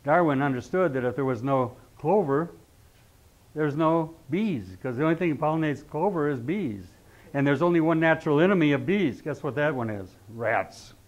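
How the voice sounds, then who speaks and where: A middle-aged man lectures a class in a loose, conversational way, always checking in with quick rhetorical questions. His voice sits a little high for a man, and the recording sounds dull and lo-fi. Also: expressive. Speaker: astrology teacher.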